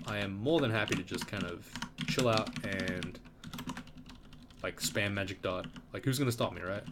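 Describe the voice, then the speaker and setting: Man, casual gameplay commentary, lowish voice, laid-back and rambling, keyboard clicks behind. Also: background noise. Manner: laid-back, rambling, thinking aloud with fillers. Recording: keyboard typing and clicks in background.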